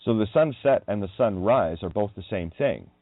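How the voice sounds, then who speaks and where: A man's voice: lowish voice, expressive, normal speed, dry recording. A man hosting a radio show, talking through a wandering, emphatic monologue on word meanings and swearing when riled. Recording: tinny phone-like line.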